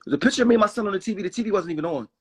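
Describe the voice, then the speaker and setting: A guest rapper in his forties from Philadelphia tells candid personal stories in a high, husky voice with lively intonation, racing along. He rambles emphatically, restarting often and saying "you know what I mean."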